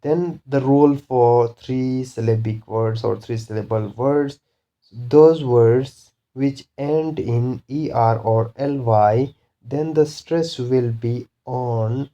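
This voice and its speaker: Slow, dark-voiced man teaching pronunciation. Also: medium pitch, lo-fi sound. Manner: slow, deliberate, repeats example words. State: coughing now and then. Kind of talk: recorded lesson.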